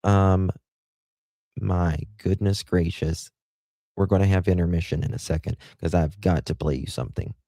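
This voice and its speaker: A man's voice: sits low, fairly even intonation, normal speed, dark tone, no echo. A man hosting a livestream, giving blunt, crude, rambling commentary. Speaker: livestream host.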